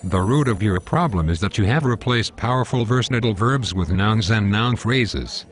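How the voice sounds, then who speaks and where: A man's voice: lowish voice, lively intonation, moderate pace, natural voice. A male computer voice playing a legal writing coach who corrects plainly and matter-of-factly.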